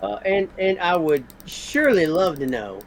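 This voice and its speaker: A man's voice: sits high, sing-song, moderate pace, slight background noise. A man voicing a formal, courtly nobleman who speaks with old-fashioned politeness and stammers when he is upset. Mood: earnest.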